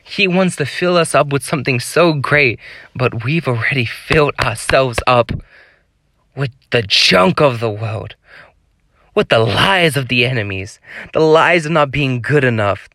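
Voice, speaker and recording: A man's voice: mid-range voice, lively intonation, measured pace, fairly bright tone, dry recording, studio quality. A man preaching a devotional sermon, pleading with his listeners in an earnest, exhorting way.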